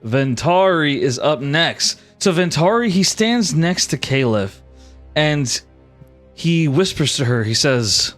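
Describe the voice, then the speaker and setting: A man narrating as game master, easygoing and quick to apologize. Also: on the high side, soft background music. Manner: lively, apologetic, laughs easily.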